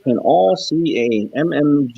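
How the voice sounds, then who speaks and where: Trucker host, male, husky and lively, casual stream chatter, lo-fi dry audio. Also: fairly high pitch, slow, no room sound. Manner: chatty, laughs often, breaks into joking voices. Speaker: trucker hosting a live chat stream. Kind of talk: casual live-stream chat, reading and answering comments.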